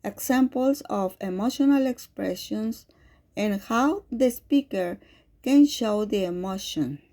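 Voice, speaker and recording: A woman whose first language is Spanish, reading a lecture with spoken examples in a slow, careful way. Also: mid-range voice, dark tone. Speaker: teacher.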